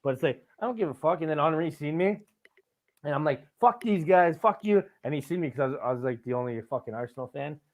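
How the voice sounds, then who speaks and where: A fast-talking man with a slightly high voice hosts a podcast. He swears freely and laughs often while telling stories in casual, animated chat. The audio comes through tinny, resembling a phone call.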